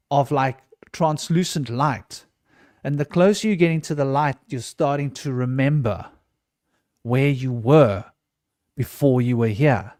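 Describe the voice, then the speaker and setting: A man's voice: mid-range voice, darkish tone, no room sound, clean studio sound. A man in an unscripted podcast conversation, telling a personal story earnestly and often restarting his sentences.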